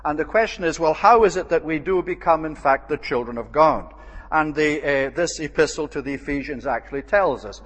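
A man preaching a measured expository Bible sermon, pausing often with "uh" as he explains a passage. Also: fairly high pitch, expressive, fairly bright tone. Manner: measured, with frequent "uh" pauses. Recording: long reverb of a hall.

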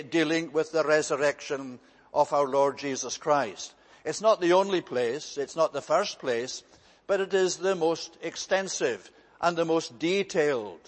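A man preaching a sermon in a measured, emphatic way, repeating key phrases for weight. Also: fairly high pitch, in a large hall.

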